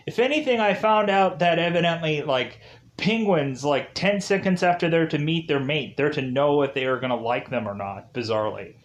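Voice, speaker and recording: A man with a slightly high voice recaps a video game's story loosely. His talk rambles and is thick with "like" fillers and restarts. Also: expressive, normal speed. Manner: rambling, heavy use of "like" fillers. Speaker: game reviewer. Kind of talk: casual game recap.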